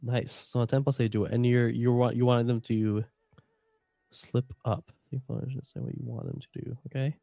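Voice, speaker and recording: A man's voice: medium pitch, level tone, normal speed, creaky, dark tone, no echo. A man narrating a tabletop game as game master, describing scenes at length with frequent fillers.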